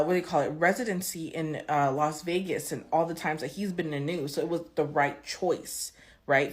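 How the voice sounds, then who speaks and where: Low-voiced woman giving her opinion. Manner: conversational, asks viewers questions. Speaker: commentator. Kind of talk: casual opinion video.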